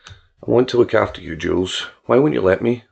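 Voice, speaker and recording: A jealous, controlling man snaps out demands in a gravelly voice, read by a male narrator. His tone is pushy and reproachful. The recording sounds dull and lo-fi. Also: lowish voice, brisk, darkish tone, voice pushed down, full character voice. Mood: demanding. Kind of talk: audiobook character reading.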